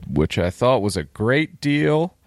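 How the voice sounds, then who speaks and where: A man's voice: medium pitch, big pitch swings, takes it slowly, dry recording, clean studio sound. A man co-hosting a casual podcast chat, blunt and swearing freely. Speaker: podcast co-host.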